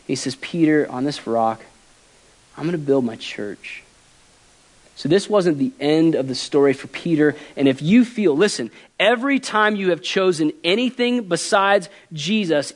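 A man preaching a sermon as pastor, earnest and emotional, swinging from loud emphasis to quiet softness. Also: high voice.

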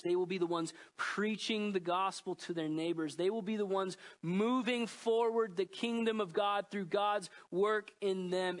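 Pastor, male, thirties, high voice, earnest sermon delivery that drops to a hush at times. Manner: earnest, emotional, swings between loud and hushed.

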